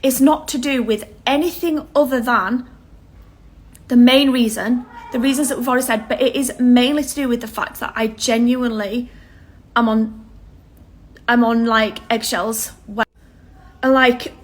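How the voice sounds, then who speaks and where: A woman's voice: a little high, steady tone, normal speed. A woman speaking to camera in an earnest, pleading way, close to tears. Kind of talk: emotional vlog to camera.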